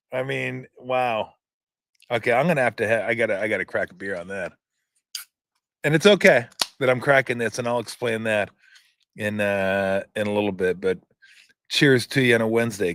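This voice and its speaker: In a clean studio with no room sound, a medium-pitched man hosts his own show. He launches into a casual, profane rant, sarcastic as he mocks what he reads aloud.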